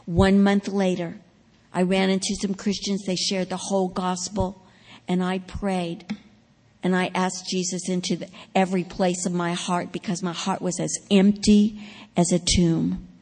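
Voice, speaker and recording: In a big hall, a preacher gives a sermon testimony, her words trailing into long reverb. Her voice is lowish, level and unhurried, yet she tells her story dramatically, swelling loud at the key moments.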